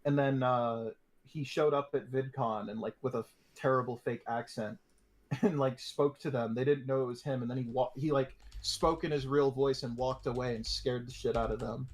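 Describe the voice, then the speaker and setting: A man's voice: medium pitch, steady tone, normal speed. Hesitant man casually retelling events. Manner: hesitant, filler-heavy.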